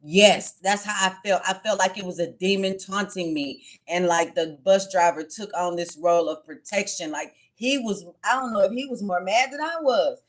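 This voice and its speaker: A woman who hosts a tarot channel talks loosely on a livestream. She tells her story in a frank, swearing, unfiltered way, at a middle pitch for a woman. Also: moderate pace, few pauses. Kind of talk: casual livestream chat.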